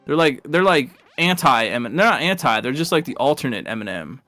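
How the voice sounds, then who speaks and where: A man's voice: mid-range voice, expressive, moderate pace, bright, forceful tone, no echo, soft background music. A man casually commentating a live video game race, rambling and chatty, laughing at his own stories.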